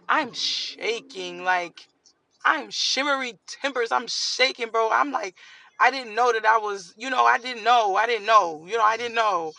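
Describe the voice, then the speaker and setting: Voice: medium pitch, unhurried, creaky, dry recording, rough recording. A young adult telling a casual storytime, acting out each person's lines with lots of energy. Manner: animated, acts out dialogue, rises to near shouts. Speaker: storytime vlogger.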